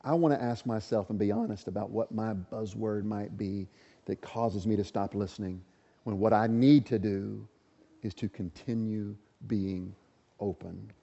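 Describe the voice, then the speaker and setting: A man preaching an earnest, emphatic sermon and asking the congregation questions. His voice is mellow and dark. The recording is dull with a long reverb. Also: fairly low pitch, measured pace, creaky. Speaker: pastor.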